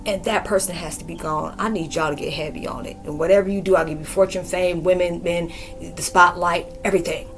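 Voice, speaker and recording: A woman's voice: on the low side, steady tone, brisk, soft background music, close to an everyday voice. A woman voicing the devil as a scheming tempter who bargains with promises of fame and fortune.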